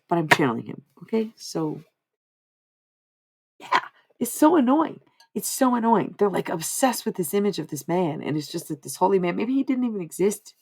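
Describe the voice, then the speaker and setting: A woman's voice: mid-range voice, very animated, normal speed, creaky, a little mellow, breathy edge. A woman streaming live, chatting casually and rambling, with swearing and laughing asides. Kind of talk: casual live-stream chat while reading a book.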